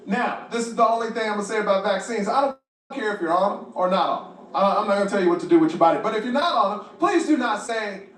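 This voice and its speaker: A man with a high, bright-pitched voice works through a stand-up routine, acting out the people in his story and swearing freely. He sits well back from the mic in a roomy space, and a noisy ambience runs under him. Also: lively intonation, quick pace, distant mic. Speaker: stand-up comedian.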